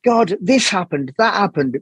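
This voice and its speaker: Man, high husky voice, dry close sound, sweary rambling podcast guest. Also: moderate pace, no echo. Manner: swears freely, animated rambling storytelling. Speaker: jazz saxophonist, podcast guest. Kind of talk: candid podcast conversation.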